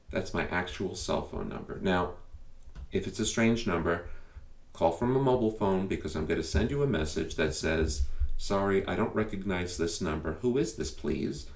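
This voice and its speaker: A man's voice: sits low, creaky, darkish tone, far from the mic. A man hosting a podcast, speaking straight to his listeners in an emphatic, conversational way full of rhetorical questions. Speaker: podcast host. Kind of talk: direct-to-listener podcast monologue. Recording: echoey room, a bit off mic.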